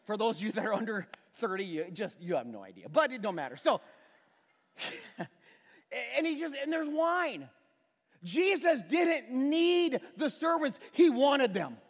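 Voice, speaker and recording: A man preaching a sermon to a congregation, telling the story with lively acted-out voices and a prop. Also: extremely high pitch, moderate pace. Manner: animated storytelling, acts out characters and uses a prop. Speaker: pastor. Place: church sanctuary with audience. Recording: church hall with long reverb.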